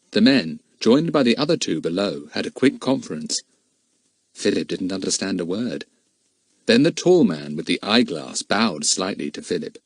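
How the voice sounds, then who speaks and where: A man reading a children's adventure novel aloud as narrator, in a steady storytelling manner. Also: deep voice, moderate pace, no echo, clean studio sound. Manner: steady storytelling, shifting into character voices. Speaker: audiobook narrator. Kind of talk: scripted narration.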